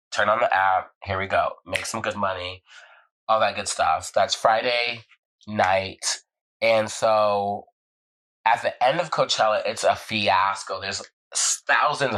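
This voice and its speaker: A young man in a casual vlog, telling a story with lively energy and acting out the voices of the people in it. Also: fairly low pitch, low-quality recording. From Southern California. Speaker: vlog host.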